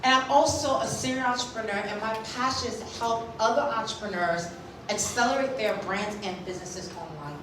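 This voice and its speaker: A woman's voice: a little high, fairly quick, noisy background. Emphatic woman speaking in an echoey hall. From Haiti. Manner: emphatic, keeps asking "right?" of the audience. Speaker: conference speaker. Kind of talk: motivational keynote speech. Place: large conference hall. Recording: echoey hall, recorded from a distance.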